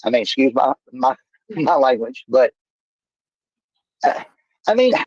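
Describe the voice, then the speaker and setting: A man's voice: medium pitch, sing-song, unhurried, darkish tone, breathy edge, no room sound. Guy rambling folksy sales talk, muffled dry stream audio. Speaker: stream guest. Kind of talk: casual talk.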